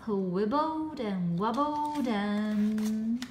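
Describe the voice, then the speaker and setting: A woman reading a children's storybook aloud in a slow, expressive way with dramatic pauses. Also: on the high side. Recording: roomy echo with faint background hum.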